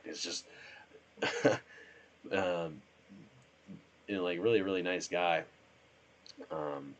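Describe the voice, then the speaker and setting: A hoarse man, sick, chatting casually and rambling as he streams himself playing a drone simulator. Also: sits low. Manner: rambling, trails off.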